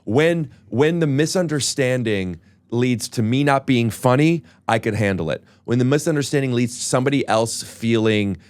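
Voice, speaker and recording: A man's voice: mid-range voice, normal speed, a little mellow, clear, resonant tone, dry recording. A man hosts a podcast in a mid-range voice, earnest and open about his feelings. He trips into repeated restarts as he hunts for words. The close studio mic leaves his voice dry, with no room sound. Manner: earnest and emotional, stumbling restarts. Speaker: podcast host. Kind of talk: casual podcast chat.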